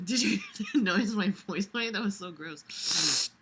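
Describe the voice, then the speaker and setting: A woman's voice: mid-range voice, very animated, unhurried, fairly bright tone. A woman reading a fan story aloud and breaking off into sarcastic, profane commentary full of fillers. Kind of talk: dramatic reading with mocking commentary.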